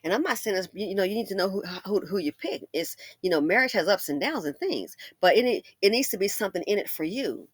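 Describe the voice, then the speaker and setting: A woman hosting a casual commentary monologue, animated and sassy, acting out imagined conversations in shifting voices. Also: mid-range voice, fast talker, few pauses, slightly rough, no echo. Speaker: commentary channel host.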